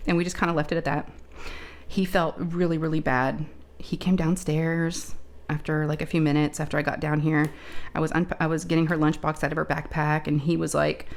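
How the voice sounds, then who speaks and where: Chatty woman host with a lowish voice. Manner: chatty, animated retelling with many asides and fillers. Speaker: crafting channel host. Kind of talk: casual storytelling chat.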